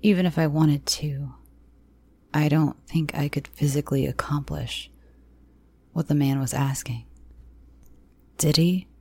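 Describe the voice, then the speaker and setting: A woman narrating dark first-person audio fiction in a slow, hushed, often near-whispered manner. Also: deep voice, fairly even intonation, vocal fry, slightly rough, dry recording.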